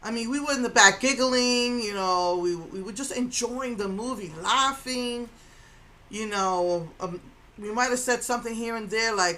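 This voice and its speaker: A woman's voice: medium pitch, measured pace, sharp tone, rough recording. A middle-aged woman casually recounting a confrontation, indignant, repeating herself and acting out what others said. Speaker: vlogger recounting an incident. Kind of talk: casual storytelling to camera.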